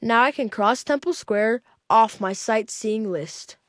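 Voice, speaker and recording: A woman reading a magazine article aloud, sounding bright and cheerful. Her voice is fairly high and close, with a dry sound. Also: unhurried, no room sound.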